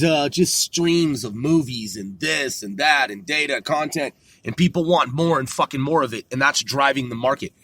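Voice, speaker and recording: A man's voice: on the high side, a bit bright, dry recording. A man hosting a rambling solo talk from a car, loose and profane, laughing at himself. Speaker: podcast host.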